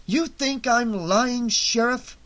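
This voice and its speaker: A man's voice: extremely high pitch, takes it slowly, fairly bright tone, voice pushed up, heavily acted. A man voicing a tense, obsessed psychiatrist who speaks urgently and anxiously in an audiobook reading. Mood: insistent. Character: haunted middle-aged male psychiatrist, tense and obsessed.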